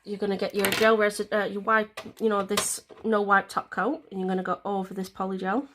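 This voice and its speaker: A woman's voice: mid-range voice, fairly even intonation, a little fast, fairly bright tone, slight background noise. A woman vlogger, explaining a nail tutorial in a chatty, rambling way with plenty of fillers. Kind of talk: casual step-by-step tutorial.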